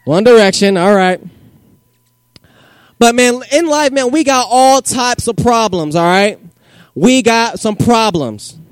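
A man giving a joking, energetic youth group sermon in casual slang, as a youth pastor. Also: extremely high pitch, takes it slowly, clean tone, no room sound, clean studio sound.

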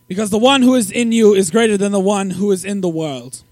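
A man's voice: high-pitched, brisk, hardly any pauses, darkish tone, dry recording. A man reading a verse aloud for a youth group, hesitant and a little defensive. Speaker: volunteer scripture reader.

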